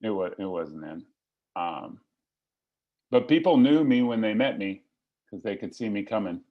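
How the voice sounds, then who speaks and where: A man's voice: on the low side, animated, moderate pace. A middle-aged man telling his personal recovery story to a meeting, in a wry, self-deprecating, joking way. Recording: slightly lo-fi recording.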